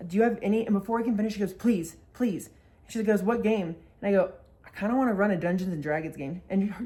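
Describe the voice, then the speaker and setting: A woman's voice: medium pitch, quick pace, darkish tone. A young woman vlogger telling a story casually, swearing a lot and acting out the quotes.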